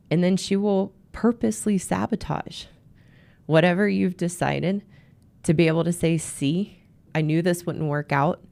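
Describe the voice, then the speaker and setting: Woman host giving advice, earnest, restarts a lot, a bit of fry in her voice. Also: sits low, a little mellow. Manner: earnest, advising, with frequent restarts. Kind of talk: solo talk to listeners.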